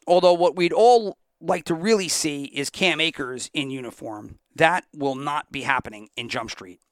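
A man's voice: a little high, fairly bright tone, clear, resonant tone, dry recording, clean studio sound. A man hosting a sports podcast in an opinionated, ranting monologue, sometimes laughing at himself. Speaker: podcast host.

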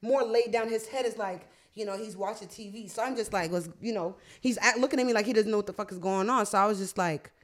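Young woman, podcast host, casual chat, animated and profane storytelling. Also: medium pitch, quick pace, few pauses.

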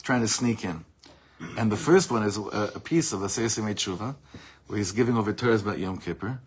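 A man giving an informal Torah class, telling stories with animated delivery. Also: fairly low pitch, a little fast, a little hiss or hum. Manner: animated storytelling, acts out shouted quotes. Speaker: Torah teacher.

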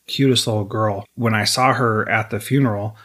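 A man's voice: on the low side, fairly even intonation, normal speed, fairly bright tone. A man hosting an interview, talking in an earnest, reflective way with small restarts. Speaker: podcast host interviewing a guest. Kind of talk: conversational interview.

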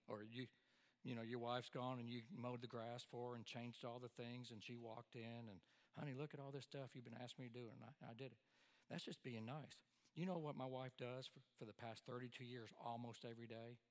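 Folksy preacher in a hall. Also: male voice, mid-range voice. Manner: folksy, repeats key phrases for emphasis. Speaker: pastor. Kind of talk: sermon. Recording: long hall reverb.

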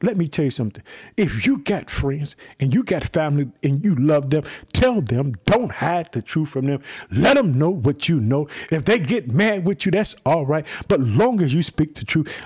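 A man from Chicago delivers an excited podcast sermon with a slightly husky tone. His pitch sits a little high and leaps around with lively swings. He keeps piling on enthusiastic refrains like a revival preacher. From United States. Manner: exuberant, repeats "let me tell you something".

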